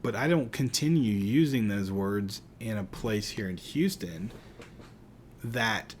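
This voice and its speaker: A man's voice: on the low side, takes it slowly, a little hiss or hum. A middle-aged man from Pittsburgh with a light Pittsburgh accent, giving a casual, rambling recorded psychology lecture. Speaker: psychology teacher.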